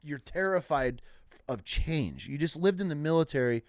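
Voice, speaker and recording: A man in relaxed casual chat, speaking loosely with fillers and curse words. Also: fairly high pitch, moderate pace, dry recording, studio quality. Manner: relaxed, profane, filler-heavy talk.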